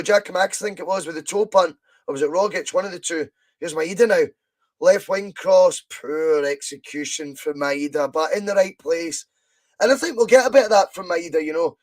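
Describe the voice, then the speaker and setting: A Scottish man hosting a live football watch-along from home, chatting with viewers and breaking into excited commentary. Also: high-pitched, a little fast. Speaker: podcast host doing live fan commentary.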